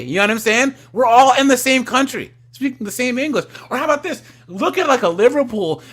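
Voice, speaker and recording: A man from the US West Coast hosting a casual livestream chat. He talks in an animated way and gets loud when he tells stories. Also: extremely high pitch, normal speed. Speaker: livestream host.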